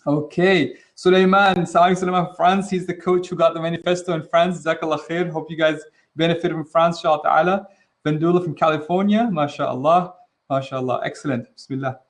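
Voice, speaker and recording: A man's voice: a little high, brisk. A man hosting an interactive online teaching webinar, talking casually and energetically, often mixing in Arabic religious phrases. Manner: energetic, casual, acts out quoted reactions. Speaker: webinar host and trainer.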